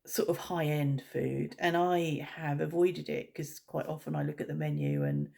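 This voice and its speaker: A woman's voice: deep voice, expressive, moderate pace, creaky, dark tone. A woman vlogger talking in a casual, rambling way, blunt and opinionated.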